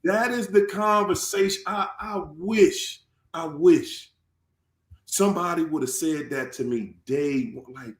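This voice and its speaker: A man hosting his channel in casual chat, animated and swearing freely, acting out quoted tirades. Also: a little high, a little slow, echoey room. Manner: animated, swears, acts out quoted rants loudly. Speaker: channel host.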